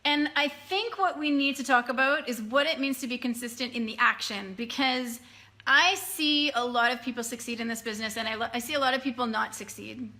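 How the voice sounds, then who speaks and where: Chatty female business coach, bright and fairly high, loose live-stream delivery. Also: brisk. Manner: chatty, greets viewers by name, loose restarts. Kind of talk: casual live-stream chat to followers. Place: dim room at night.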